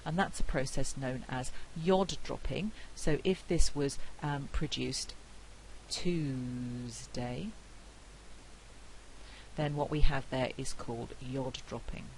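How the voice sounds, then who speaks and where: Measured woman lecturing on phonetics. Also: extremely low pitch, slight background noise, low-quality recording. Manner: clear, measured explanation with example words spoken slowly and repeated. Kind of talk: recorded university lecture.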